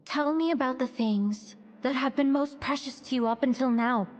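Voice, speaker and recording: A woman voicing a gentle, earnest young queen. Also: high-pitched, normal speed, lightly acted. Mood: probing. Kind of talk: English anime dub acting.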